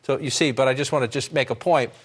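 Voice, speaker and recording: A man giving live election-night analysis at a map in a TV news studio, explaining briskly and thinking aloud with quick restarts. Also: mid-range voice, breathy edge.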